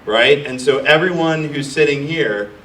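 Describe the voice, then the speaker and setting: Middle-aged man, blunt mocking coach, higher voice, roomy sound from off-mic. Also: unhurried, fairly bright tone. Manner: brash, profane, mocking, acts out nervous founders. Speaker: startup accelerator founder coaching founders. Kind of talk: blunt live talk to an audience. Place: room with an audience. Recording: echoey room from far off.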